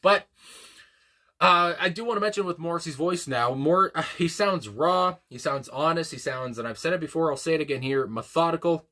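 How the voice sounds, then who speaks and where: A man's voice: on the high side, normal speed, pushed and bright. A man hosting a music reaction video, rambling casually with lots of fillers, restarts and exclamations. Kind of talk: casual unscripted reaction commentary.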